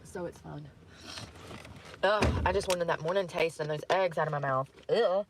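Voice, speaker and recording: A woman's voice: sits low, normal speed, background noise. A woman vlogging casually, rambling through asides and laughing often. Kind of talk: casual chat to camera.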